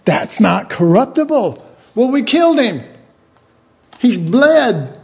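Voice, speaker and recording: High-voiced, unhurried man teaching the Bible. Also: very animated. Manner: informal and chatty, acts out little imagined dialogues. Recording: dull lo-fi recording.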